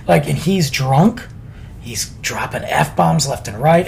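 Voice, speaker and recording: A man's voice: mid-range voice, takes it slowly, vocal fry, a little mellow, slight background noise. A man casually telling a story on a podcast, laid-back and chatty with lots of slang.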